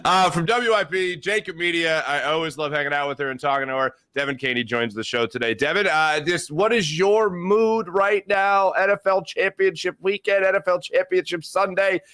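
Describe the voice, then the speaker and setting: A man hosting a casual sports talk show, animated and jokey, rambling with restarts. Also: sits high, normal speed, hardly any pauses, smooth, dry recording.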